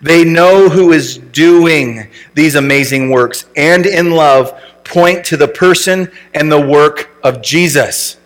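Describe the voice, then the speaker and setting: A man's voice: on the high side, slow pace, hardly any pauses. A man preaching a conversational sermon as pastor, often checking in with rhetorical questions. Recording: long reverb from a large room.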